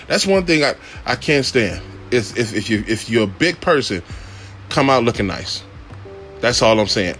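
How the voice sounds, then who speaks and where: A man, a father and rideshare driver, telling a profane comic story, shouting high then muttering low. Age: adult father.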